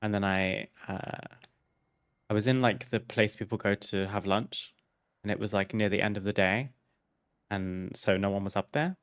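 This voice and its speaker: A man's voice: on the low side, moderate pace, clean tone. A man streaming a game, chatting casually and candidly as he tells a personal story, laughing and swearing freely. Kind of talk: casual storytelling over gameplay.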